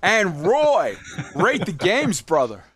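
A man hosting a podcast in casual chat, joking and telling animated little stories. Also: sits high, slow pace, husky, dry recording. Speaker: podcast host.

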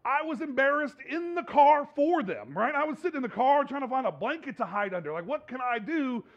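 High-voiced male pastor, joking sermon. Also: very animated, fairly quick. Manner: conversational, humorous, laughs often. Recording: dull lo-fi recording.

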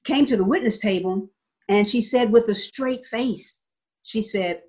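A woman's voice: on the high side, normal speed, darkish tone. A woman state legislator telling a story in an interview, emphatic, repeating words and checking in with "okay?". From Nevada. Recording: slightly dull lo-fi sound.

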